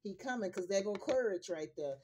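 A woman's voice: medium pitch, expressive, brisk, background noise. A grandmother reading tarot cards casually to her viewers, in a blunt, profane and emphatic way, repeating her points. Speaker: tarot reader.

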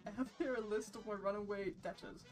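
A woman voicing the devil, a booming, gloating male casino owner, while reading a game's storybook intro aloud over game music. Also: fairly even intonation, fairly quick, lightly acted.

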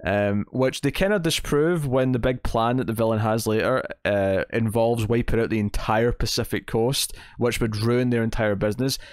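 Sarcastic Scottish podcaster, dry close mic. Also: male voice, mid-range voice, normal speed, hardly any pauses, clear, resonant tone, dry recording. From Scotland. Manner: blunt, sarcastic, stammering restarts. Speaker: podcast co-host. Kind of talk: casual chat reviewing TV episodes.

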